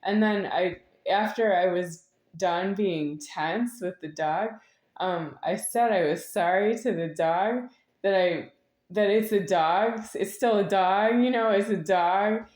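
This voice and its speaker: A woman's voice: medium pitch, slow, a little mellow. A middle-aged woman talking in a meandering, repetitive monologue. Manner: meandering, repetitive, with sudden laughs. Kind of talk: rambling spoken monologue. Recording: echoey room.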